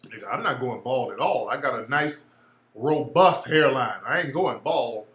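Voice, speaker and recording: A man, hosting a casual livestream and telling blunt, profane, animated stories. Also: medium pitch, moderate pace, roomy sound. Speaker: show host.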